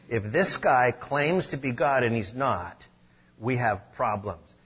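A man preaching a sermon, earnest, with slow emphatic stresses. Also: medium pitch, expressive, a bit bright, husky, muffled recording. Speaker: pastor.

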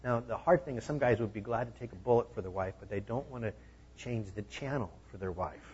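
A pastor preaching a sermon in a conversational style, driving points home with emphatic repeated phrases. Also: male voice, lowish voice, brisk, a little mellow, muffled recording.

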